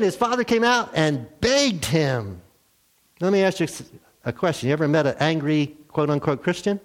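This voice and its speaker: A man preaching a sermon, telling a story with lively acted-out voices. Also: on the high side, moderate pace. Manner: animated storytelling, acts out characters. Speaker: pastor.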